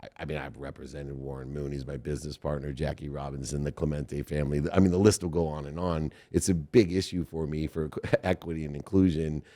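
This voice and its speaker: Very deep-voiced man hosting an interview. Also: fairly even intonation, a little fast, few pauses, mellow. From Ohio. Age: middle-aged. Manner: rambling, self-deprecating, laughs often. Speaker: interview host. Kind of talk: casual interview conversation.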